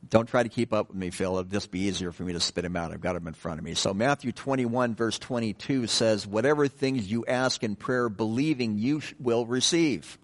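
A man's voice: on the low side, fairly quick, hardly any pauses. A man preaching a sermon in a conversational way, with joking asides and stressed key words.

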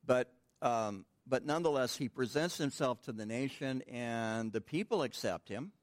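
A man's voice: mid-range voice, normal speed, dry recording. A man teaching a midweek Bible study in a conversational, informal way, asking the room questions and answering them himself.

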